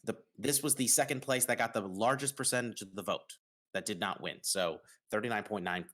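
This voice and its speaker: A man from New York hosting a casual podcast, announcing results with dramatic pauses. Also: on the low side, a bit bright. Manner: upbeat, dramatic pauses on reveals. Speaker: host.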